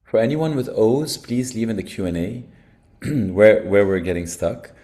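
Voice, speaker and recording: A man with a lowish voice co-hosts an online workshop. He is upbeat and jokey as he tells participants what to do next. He speaks into a computer mic on a video call. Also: animated, normal speed, warm tone. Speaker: workshop co-host.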